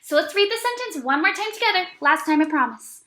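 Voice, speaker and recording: A woman teaching an early reading lesson to young children, speaking slowly and encouragingly with plenty of praise. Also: extremely high pitch, lively intonation, a bit bright, echoey room. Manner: slow, exaggerated, encouraging teacher talk with praise.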